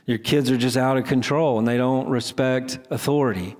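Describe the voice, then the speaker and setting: A man's voice: medium pitch, steady tone, moderate pace, darkish tone. A middle-aged man preaching a sermon as pastor, conversational and self-deprecating, often restarting his sentences. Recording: long hall reverb.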